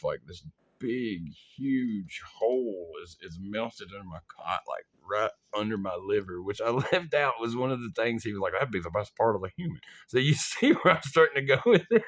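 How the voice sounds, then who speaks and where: A young vlogger with a fairly low, slightly bright voice casually tells a wild story from his army days. He laughs, swears, and acts out his own panicked thoughts as he goes.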